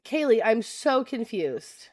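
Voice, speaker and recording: A woman's voice: fairly high pitch, sing-song, slow, darkish tone. A young adult woman hosting a casual political livestream, chatting with viewers, laughing often and reading web pages aloud. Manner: reads candidate web pages aloud to chat.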